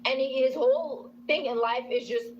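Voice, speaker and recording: A woman's voice: sits high, steady tone, moderate pace, a crowd in the background. A woman in a played clip, venting to her audience in a frustrated, swearing rant. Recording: dull clip audio with faint noise.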